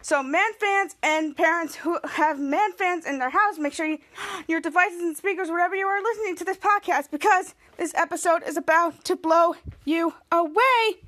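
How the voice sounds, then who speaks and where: High-voiced woman recapping a show excitedly. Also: normal speed. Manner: excited, rambling with many fillers. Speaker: podcast host. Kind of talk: casual episode recap.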